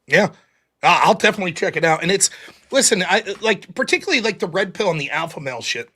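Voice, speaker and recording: A man's voice: sits high, lively intonation, fast, sharp tone, husky. A man hosting a call-in show, ranting profanely and mocking critics' voices. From United States. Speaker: host. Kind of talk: casual call-in show chat.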